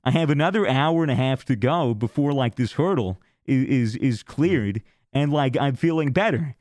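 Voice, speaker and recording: A young man telling stories in casual podcast chat, animated and swearing freely as he acts out what people said. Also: mid-range voice, moderate pace, no room sound, studio quality. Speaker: podcast guest.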